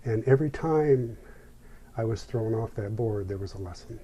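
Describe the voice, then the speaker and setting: Male interview guest, unhurried and reflective storyteller, dark mellow tone. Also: lowish voice, slight background noise. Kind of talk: personal storytelling.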